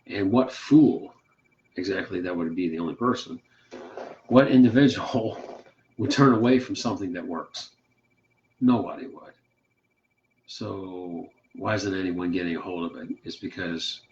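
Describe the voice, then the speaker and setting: A man co-hosting a podcast, sharing a faith testimony in a folksy, emphatic, rambling way. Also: fairly low pitch. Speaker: podcast co-host. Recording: slightly muffled audio.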